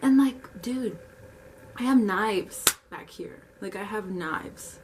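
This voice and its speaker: A woman's voice: medium pitch, distant mic, noisy background. A young woman animatedly telling a story in casual, slangy speech. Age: young adult. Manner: animated, slangy, fast retelling.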